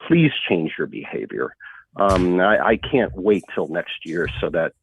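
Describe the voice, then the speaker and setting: A man giving a halting, earnest public comment over the phone, with many fillers. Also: sits low, lively intonation, vocal fry, slight background noise. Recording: tinny phone line, dry.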